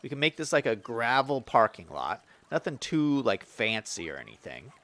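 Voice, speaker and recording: A man's voice: medium pitch, moderate pace. A young man streaming a city-building game, chatting casually and reading viewer comments aloud with lots of fillers and restarts. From Western United States. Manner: chatty, lively, reads chat aloud with frequent fillers.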